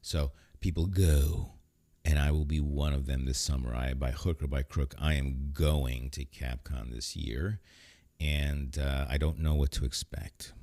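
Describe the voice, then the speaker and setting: A man's voice: very deep voice, mellow, dry recording. A man hosting a podcast, talking in a casual, rambling, joking way. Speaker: podcast host. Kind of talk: casual solo podcast talk.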